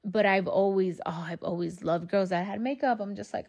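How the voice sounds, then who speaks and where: A woman's voice: medium pitch, moderate pace, creaky, a little mellow. Woman podcast host, solo monologue, candid and rambling, heavy casual swearing. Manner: addresses listeners as y'all.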